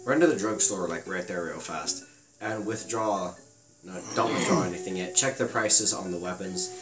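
A man's voice: low-pitched, normal speed. A young man co-commentating a game, dryly telling the player what to do next. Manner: instructive, dry, gives directions. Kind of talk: casual gameplay commentary. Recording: roomy sound with game music.

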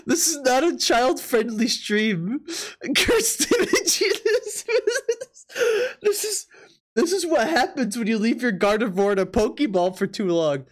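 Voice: medium pitch, moderate pace, few pauses. Giggly streamer cracking up. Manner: laughs often, incredulous, repeats and restarts. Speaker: Twitch streamer. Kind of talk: live-stream commentary.

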